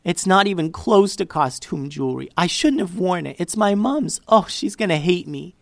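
A tearful, remorseful little girl in a storybook reading, put on by a male reader. Her voice rises higher than his own and swings widely as she pleads. The recording is dry and close. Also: animated, moderate pace, vocal fry, no room sound. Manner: pleading, emotional.

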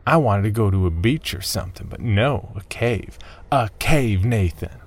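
A man's voice: medium pitch, expressive, measured pace, darkish tone, voice pushed up. A man voicing an irritated, tired young woman who complains in exasperation.

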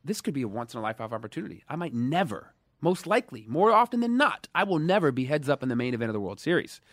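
A man in his thirties from Dallas, telling stories in a casual interview, animated, swinging between loud emphasis and quiet asides. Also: mid-range voice, fast, dry recording, clean studio sound. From Dallas, USA. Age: 30s. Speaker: guest.

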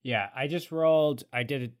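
A man playing a tabletop game, speaking in character in a deadpan, laid-back way. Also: medium pitch, moderate pace. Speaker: player.

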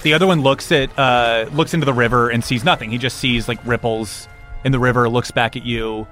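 A man narrating a tabletop game as game master, quick and descriptive. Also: mid-range voice, fairly even intonation, fairly bright tone, soft background music.

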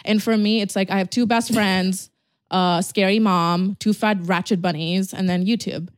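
A woman's voice: mid-range voice, fairly even intonation, moderate pace, no room sound. A woman in her twenties hosting a podcast, chatting casually and animatedly, swearing and laughing often. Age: 20s. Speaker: podcast host. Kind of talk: casual chat.

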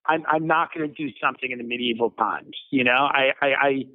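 A man's voice: mid-range voice, brisk, no echo. A man on a phone call, stammering and bewildered, repeating himself as he tries to follow the conversation. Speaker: caller. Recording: tinny phone line.

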